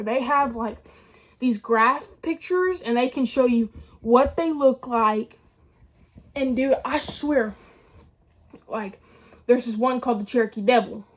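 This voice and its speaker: Lively young woman telling a story. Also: a little high. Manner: animated, slangy, says dude and swears. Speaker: vlogger. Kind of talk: casual storytelling.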